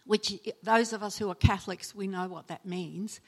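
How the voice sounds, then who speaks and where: A woman's voice: medium pitch, fairly even intonation, normal speed. A woman preaching a sermon, telling personal stories and acting out the people she quotes with sudden emotional lifts. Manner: storytelling, acts out quoted voices with sudden loud emotional lifts. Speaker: preacher and chaplain.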